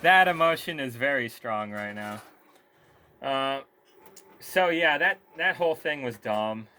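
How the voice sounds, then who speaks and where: A man's voice: medium pitch, lively intonation, a little slow, pushed and bright, a little hiss or hum. A man ranting in a casual, profane video review, scornful and sarcastic. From Korea. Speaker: movie reviewer.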